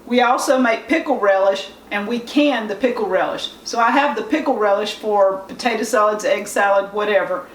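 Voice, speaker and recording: A woman's voice: medium pitch, normal speed, few pauses. Homespun Southern woman, echoey distant kitchen. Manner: plain-spoken, homespun, step-by-step. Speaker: homestead cooking host. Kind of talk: home cooking demonstration. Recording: echoey room, distant mic, faint hiss.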